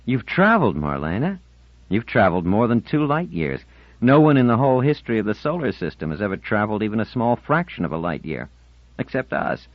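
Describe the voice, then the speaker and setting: A man's voice: lowish voice, big pitch swings, a little fast, dry recording, voice pushed up. A man voicing a cheerful, teasing seventeen-year-old boy in an audiobook, breezy and light. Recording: dull lo-fi audiobook recording.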